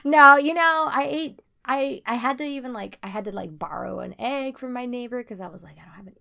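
Co-hosting a laid-back podcast, this young woman talks on the high side and a little fast, her voice carrying a gravelly fry. Her casual chat rambles with lots of fillers, and she keeps bursting into laughter.

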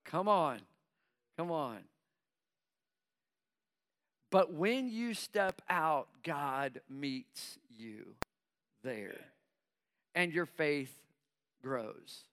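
A man's voice: on the high side, expressive, very slow, long pauses, fairly bright tone. A middle-aged man preaching a sermon to his congregation. He breaks in with call-and-response asides and acts out the voices of nervous believers. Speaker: pastor.

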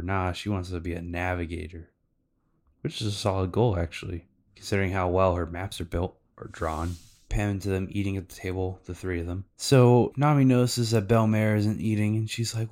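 A man's voice: low-pitched, fairly even intonation, normal speed, a little mellow. A man hosting a podcast, recapping cartoon episodes in loose, casual talk with fillers and swearing. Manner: loose, profane, lots of fillers. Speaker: podcast host.

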